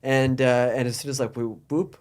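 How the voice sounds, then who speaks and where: A man's voice: mid-range voice, fairly even intonation, moderate pace, darkish tone. An American man hosting a casual podcast chat, telling stories animatedly with lots of fillers and restarts. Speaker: podcast host.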